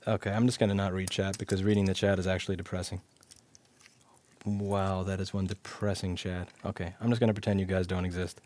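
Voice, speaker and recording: On a live stream, a repair instructor teaches electronics repair, walking through the circuit step by step in a blunt, sarcastic way and swearing casually. His voice is low and darkish with little pitch movement, and he talks a little fast into a clip-on mic.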